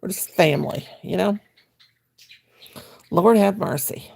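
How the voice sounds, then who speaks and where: An older woman talking casually to her livestream viewers from her armchair at home. Her voice is deep, gravelly and husky, with a dark, mellow tone. She chats in a folksy way and answers comments as they come in. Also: unhurried. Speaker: crochet livestream host. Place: at home, sitting in her chair.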